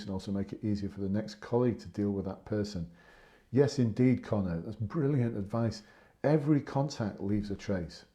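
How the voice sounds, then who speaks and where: A man in his fifties from England, once a police sergeant, speaks with a fairly low, dark voice. On a live stream he gives casual but earnest advice, repeating points for emphasis.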